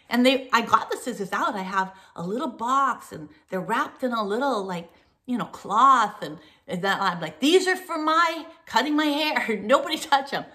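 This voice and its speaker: A woman hosting a casual chat with her viewers, rambling and laughing often as she tells animated stories. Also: on the high side. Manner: animated storytelling. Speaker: host.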